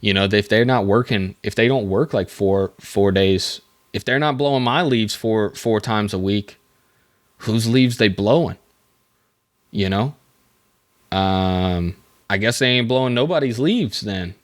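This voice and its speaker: A man's voice: lowish voice, unhurried. A young man hosting a solo podcast, rambling and joking at his own expense, full of fillers and restarts. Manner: rambling, self-mocking, lots of fillers. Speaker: podcast host. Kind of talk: casual solo podcast monologue. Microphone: desk microphone.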